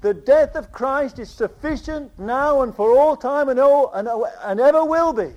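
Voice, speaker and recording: A man preaching a sermon with passion, repeating phrases and swinging between loud declarations and quiet asides. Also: extremely high pitch, moderate pace, highs cut off.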